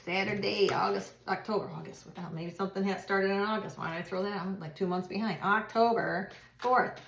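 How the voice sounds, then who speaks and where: A woman's voice: medium pitch, fairly even intonation, a little fast, creaky, echoey room, a little hiss or hum. A woman doing a casual tarot reading, chatty and repeating herself, with laughs and swearing. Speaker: tarot reader.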